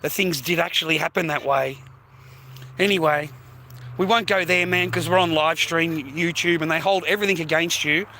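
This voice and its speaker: On a walk-and-talk live stream, an Australian man strolls the streets outdoors with his phone held as the mic. His voice is on the high side, bright and forceful at a moderate pace, with a little hiss or hum; he rambles chattily, calls people "mate" and "bro," and swears now and then.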